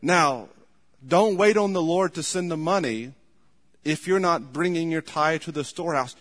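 Male pastor with a high voice, forceful pulpit delivery, long room reverb behind him. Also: normal speed. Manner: emphatic preaching, repeated "listen to me", sudden loud commands. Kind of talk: sermon.

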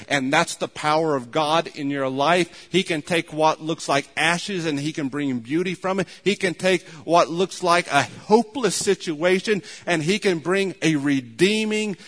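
Male pastor, sermon delivery, slightly high voice, long church-hall reverb. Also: a bit bright. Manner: storytelling, rising to fervent emphasis. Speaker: preacher.

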